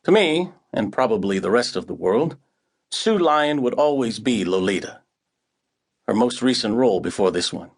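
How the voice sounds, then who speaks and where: A man's voice: medium pitch, animated, normal speed. Wry hard-boiled male audiobook narrator. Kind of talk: scripted first-person narration.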